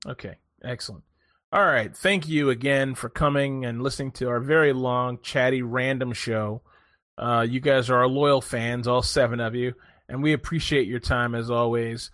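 A man hosting a casual podcast chat, telling stories in an animated way, swearing freely and laughing often. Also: mid-range voice, normal speed. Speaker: podcast host.

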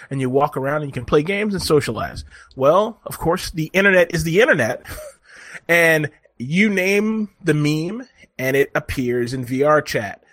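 Animated, laughing podcast guy. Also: on the high side, no echo. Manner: animated, laughs often, rambling explanations. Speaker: podcast co-host. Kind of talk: casual chat.

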